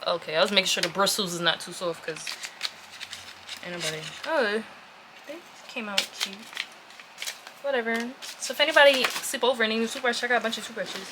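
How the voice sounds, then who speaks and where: Excitable woman chatting through an unboxing. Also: mid-range voice, a little fast, pauses often. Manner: chatty, easily excited, talks to viewers as "y'all". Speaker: vlogger. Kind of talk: casual unboxing chat. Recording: noisy room with packaging crinkles.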